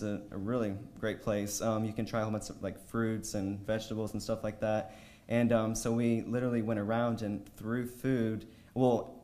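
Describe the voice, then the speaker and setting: A man's voice: medium pitch, a little mellow. Rambling young man telling his story. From United States. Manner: rambling, many fillers and restarts. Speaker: conference panelist. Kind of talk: personal story told to a live audience.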